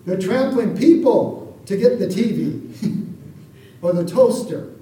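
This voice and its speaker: Male pastor, high and mellow voice, preaching casually, recorded far off the mic in a roomy hall. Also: slow pace, a little hiss or hum. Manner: conversational, keeps asking the congregation for an amen. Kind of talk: sermon. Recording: echoey room, voice from far off the mic.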